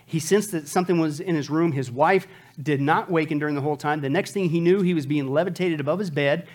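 A man's voice: fairly high pitch, fast talker. A man preaching a sermon, emphatic, often asking rhetorical questions to the crowd.

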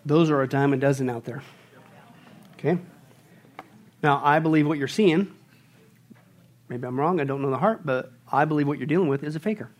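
A man preaching a sermon as pastor, swinging from quiet asides to loud, mocking bursts. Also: on the high side, moderate pace, pauses often.

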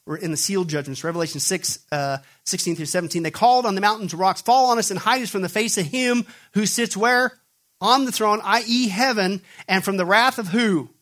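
A man preaching a sermon, reading scripture aloud and firing questions at his listeners, then answering them himself with loud emphasis or low intensity. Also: a little fast. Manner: emphatic call-and-response questioning.

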